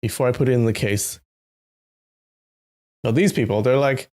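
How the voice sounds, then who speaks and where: A gravelly, mid-range male voice moves at normal speed but leaves long pauses. He's a live-stream host reading a novel, casually chatting, calling out viewers by name, and making animated asides.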